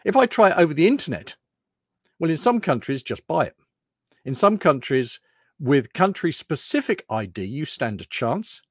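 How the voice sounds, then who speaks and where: A man's voice: a little high, big pitch swings, normal speed, slightly rough, no echo. British guy rambling thru a lunchtime talk, lots of stories and restarts, dead dry sound. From United Kingdom. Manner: rambling, anecdotal, loose restarts. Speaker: presenter.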